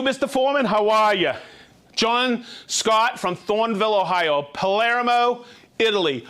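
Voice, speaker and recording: A man with a high, bright-sounding voice hosts a live stream in a casual, upbeat manner. He jokes as he greets viewers one after another by name and hometown. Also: slight background noise. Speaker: host of a live-streamed tool show.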